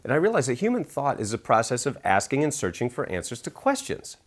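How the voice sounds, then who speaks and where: A middle-aged author and speaker tells stories enthusiastically in an animated interview, acting out quotes with big pitch jumps. His voice swings hugely in pitch, and he speaks quickly.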